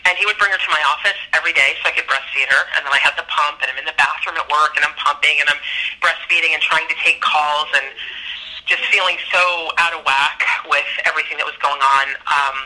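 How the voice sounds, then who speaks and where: A woman's voice: low-pitched, fairly even intonation, fast, bright, forceful tone, poor audio. A middle-aged woman telling a personal story as a podcast guest, speaking in an earnest, reflective and emphatic way.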